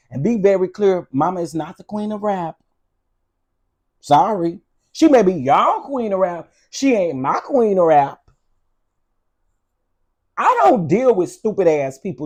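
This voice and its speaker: Male host, high and very lively pitch, sassy profane commentary rant aimed at viewers. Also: normal speed. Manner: sassy, blunt and profane, talking straight to viewers. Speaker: vlog host.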